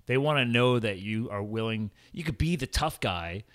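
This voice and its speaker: Podcast guest, young man, slightly low voice, candid and rambling. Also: lively intonation, moderate pace, a bit bright. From farm upbringing, rural. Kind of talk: casual conversation.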